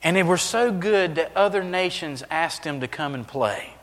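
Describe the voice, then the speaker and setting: A man preaching a sermon as pastor, swinging between hushed, intimate lines and loud, emphatic ones. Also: fairly high pitch, animated, normal speed, in a large hall. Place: church sanctuary.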